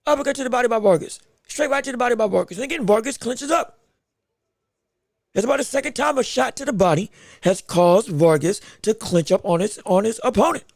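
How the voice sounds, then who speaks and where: Guy doing live boxing play-by-play, really high voice, dry close mic. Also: vocal fry, no echo. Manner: rapid play-by-play, excited outbursts, talks to the chat. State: hiccups. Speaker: podcast host and boxing commentator. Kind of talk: live round-by-round boxing commentary.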